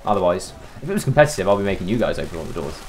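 A quick-talking man calling the shots as he plays with friends. His pitch jumps all over as he teases them, and a faint hiss sits under his voice. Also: very animated, darkish tone. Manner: bossy, teasing banter. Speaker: gamer. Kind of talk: casual gaming chat.

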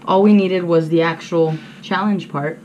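A woman's voice: lowish voice, steady tone, a little slow, a little mellow, lo-fi sound, a little hiss or hum. A woman chatting casually on camera for her video channel, easygoing and playful, with watery eyes from spicy food. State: teary-eyed from spicy food. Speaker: vlogger. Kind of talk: casual vlog chat.

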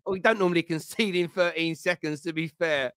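A man's voice: on the high side, a little fast, a bit bright, clear, resonant tone, no echo, studio quality. A man hosting a football reaction show, mocking the clips and laughing often. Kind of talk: casual reaction chat.

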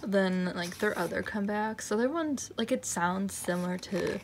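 A young woman in a casual unboxing chat, excited and gushing, often dropping to a whisper. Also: medium pitch, normal speed, slight background noise. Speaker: unboxing vlogger. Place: room at night, indoors.

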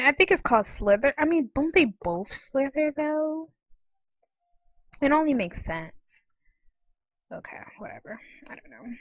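A woman giving casual, excitable commentary while playing online games, often giggling and squealing. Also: high voice, no echo, lo-fi sound. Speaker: gaming channel host.

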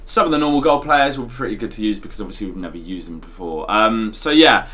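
Chilled lad doing a casual gaming outro, bright voice. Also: male voice, on the low side, expressive, fast talker. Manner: laid-back banter, wraps up with viewer call-outs.

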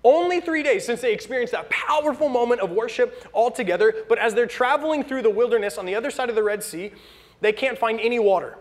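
A man's voice: very high voice, fast talker. A young American man preaching a sermon in a casual storytelling way, acting out the people he quotes. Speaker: pastor.

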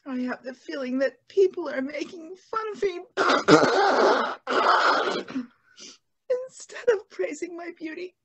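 A woman's voice: high voice, lively intonation, slow, pauses often, a bit bright, heavily acted, low-quality recording. A woman playing a vain, deaf woman who laments her lot through tears, in an amateur stage reading. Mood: tearful. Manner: tearful, pleading lament. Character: vain, deaf, self-pitying woman, weeping.

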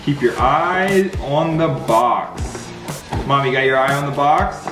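A young man hosting an upbeat family vlog, talking excitedly to his viewers and cooing at his dogs. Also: mid-range voice, slow, echoey room, far from the mic, over music. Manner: excited, talks to viewers and pets. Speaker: vlogger host.

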